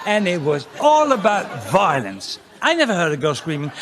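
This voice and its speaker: A man's voice: high voice, huge pitch swings, normal speed, hardly any pauses, a bit bright, slight background noise. A man giving a crude, brash comic talk to an audience, often jumping into mock voices. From Netherlands. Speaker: conference speaker.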